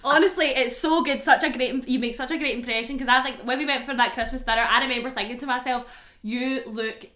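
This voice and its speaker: A woman's voice: sits high, steady tone, quick pace, hardly any pauses, sharp tone. A woman co-hosting a casual chat, teasing the guests playfully. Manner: teasing, playful, laughs often. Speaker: podcast co-host.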